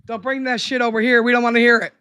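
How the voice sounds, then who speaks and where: A man's voice: very high-pitched, flat delivery, rapid-fire, sharp tone, smooth. A man from South Carolina talking bluntly and profanely in a casual streamed chat.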